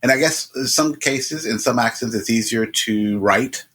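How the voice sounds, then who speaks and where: A man co-hosting a podcast in casual chat, halting and restarting as he talks. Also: mid-range voice, a bit bright. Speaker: podcast co-host.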